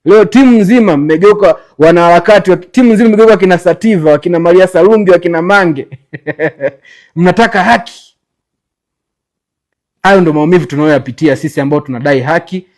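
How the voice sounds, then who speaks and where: Quick, bitter man lecturing. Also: high-pitched. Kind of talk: critical video commentary.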